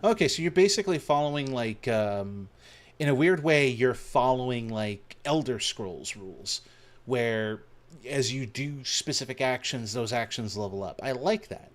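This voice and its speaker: A man giving casual gaming commentary, excitable and rambling, gushing and swearing casually as he plays. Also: mid-range voice, normal speed. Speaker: gaming video host.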